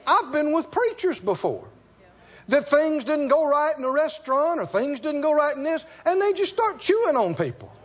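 High, expressive male preacher; emphatic sermon storyteller, slightly muffled recording. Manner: storytelling with animated asides and laughter; emphatic, repeats key lines slowly.

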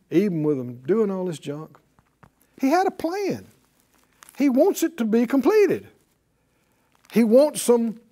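A man preaching to a class, animated, asking them questions and acting out quotes. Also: high voice. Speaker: bible teacher.

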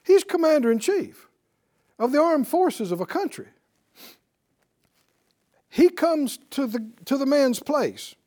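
A man teaching a Bible class, telling the story in an animated way and chuckling often. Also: very high voice, takes it slowly, pauses often.

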